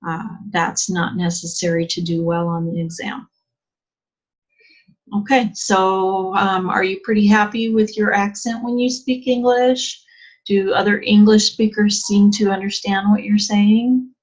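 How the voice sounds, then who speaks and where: A woman's voice: medium pitch, steady tone, measured pace. A woman teacher giving a chatty English exam lesson, asking rhetorical questions and using plenty of fillers. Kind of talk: online lesson. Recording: dull lo-fi sound.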